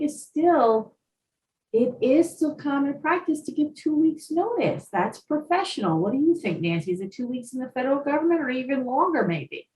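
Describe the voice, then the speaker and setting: A woman co-hosting a career podcast, chatting in a lively, talkative way and telling anecdotes. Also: a little high. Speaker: podcast co-host, career coach. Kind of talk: casual chat. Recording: roomy, distant mic, faint background noise.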